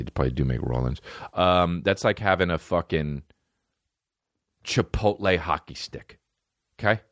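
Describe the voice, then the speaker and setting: A man's voice: deep voice, a bit bright, no room sound, clean studio sound. A young man hosting a podcast, telling rambling, profane comic stories with lots of fillers and frequent laughs. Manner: laughs often while talking. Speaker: podcast host. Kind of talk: casual comedic monologue.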